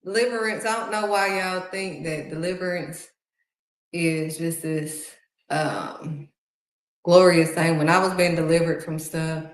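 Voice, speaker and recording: Brief: woman, lower voice, earnest conversational preaching, repeats for emphasis; roomy echo. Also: fairly even intonation, measured pace. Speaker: speaker giving spiritual encouragement.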